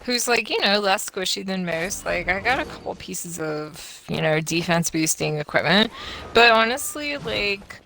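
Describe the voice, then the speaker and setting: Woman, game co-commentator, chatty, filler-heavy, very slow, bright tone. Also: mid-range voice, a little hiss or hum.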